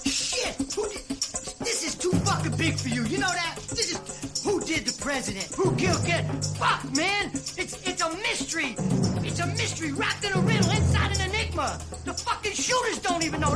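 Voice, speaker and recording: An actor playing a frantic, paranoid middle-aged conspirator in a film scene, profane and rambling. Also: male voice, very high-pitched, animated, moderate pace, over loud music. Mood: panicked. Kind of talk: film dialogue. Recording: loud film score behind.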